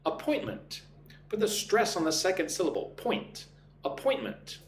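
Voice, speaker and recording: A man's voice: sits high, lively intonation, moderate pace. Chatty American man teaching English live. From United States. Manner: chatty, greets viewers by name, drills phrases. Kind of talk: live online English lesson. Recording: echoey room, faint hum.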